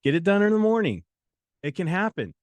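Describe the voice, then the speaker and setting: A man's voice: high-pitched, sing-song, brisk, a little mellow, dry recording. Preachy, repetitive male study coach, dry sound. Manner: preachy and repetitive, with joking asides. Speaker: exam prep coach and host. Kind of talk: motivational talk on a study livestream.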